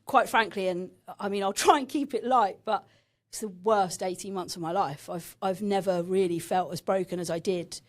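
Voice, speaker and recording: A woman's voice: mid-range voice, normal speed. Woman, 30s, from England. Podcast guest sharing a raw personal story; frank and emotional, mid-range voice.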